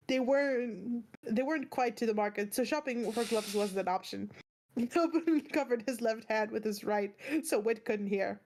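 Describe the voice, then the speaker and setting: A woman's voice: on the high side, normal speed, darkish tone. A woman hosting a book club read-along, reading aloud with frequent laughs and self-corrections. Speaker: book club host, reader.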